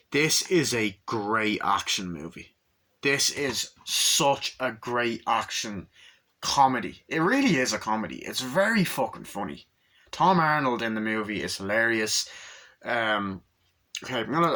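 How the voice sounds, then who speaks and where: A man's voice: fairly low pitch, sharp tone. A man giving a casual, rambling film review, swearing a lot and acting out scenes with sound effects.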